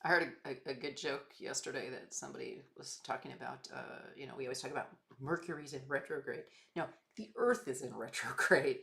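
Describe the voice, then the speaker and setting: A woman's voice: a bass voice, brisk, gravelly, hardly any pauses, sharp tone. A woman photographer chatting casually as she edits her photos, muttering names to herself between chatty asides. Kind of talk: casual chat while working.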